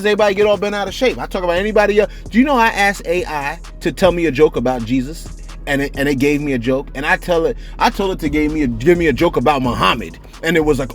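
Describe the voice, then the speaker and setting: A man's voice: sits high, expressive, fairly quick, faint music behind. Chatty man hosting celebrity news. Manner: chatty, rambling, repeats "you see what I'm saying". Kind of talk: casual commentary.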